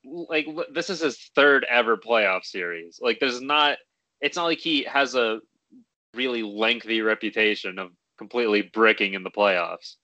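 A man's voice: mid-range voice, normal speed, bright, forceful tone, no echo, dull audio. A young man co-hosting a casual sports podcast, arguing his point hesitantly with many restarts. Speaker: podcast co-host.

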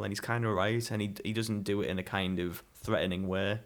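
Low-voiced man chatting. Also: steady tone, fairly quick, hardly any pauses. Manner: rambling, repeats words, acts out quotes. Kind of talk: casual chat reviewing a TV show.

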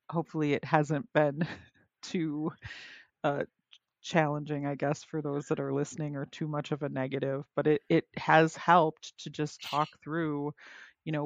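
A woman's voice: low-pitched, no room sound, lo-fi sound. A woman hosting a podcast in casual chat, speaking hesitantly and searching for her words. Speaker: podcast host.

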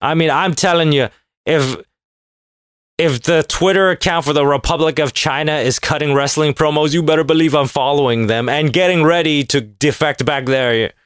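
A man delivering a casual comedic rant, sarcastic and profane, mocking people with quick put-on voices. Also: a little high, a bit bright, clean tone, no echo, clean studio sound.

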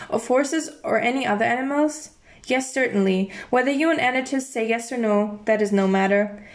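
A woman reading a classic philosophical dialogue aloud in a plain, measured way, with the odd slip and restart. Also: a little high. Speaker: reader.

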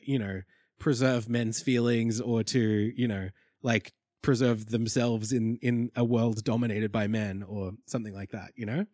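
A man's voice: lowish voice, level tone, unhurried, darkish tone, no room sound, clean studio sound. A young man co-hosting a podcast, chatting casually and wryly, thinking aloud as he recaps. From Australia. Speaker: podcast co-host.

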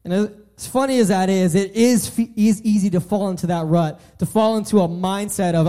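A man's voice: high-pitched, a little fast, few pauses, dark tone. A young man giving an earnest sermon, often restarting and repeating his phrases. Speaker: preacher.

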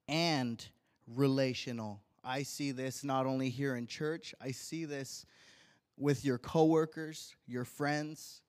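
A young man in church reading a heartfelt tribute to his wife from his notes, earnest and deliberate. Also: mid-range voice, steady tone. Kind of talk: read tribute speech in church.

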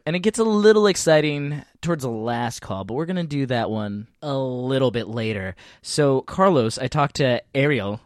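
Brief: host, very expressive pitch, playful, dry close mic. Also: moderate pace, hardly any pauses, dry recording. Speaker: podcast host. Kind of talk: casual interview chat.

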